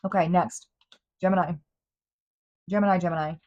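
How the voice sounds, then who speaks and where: Brief: female tarot host, lowish voice, emphatic and chatty, lots of "like" and restarts. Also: fairly even intonation, moderate pace, a little mellow, muffled recording. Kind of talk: tarot reading monologue.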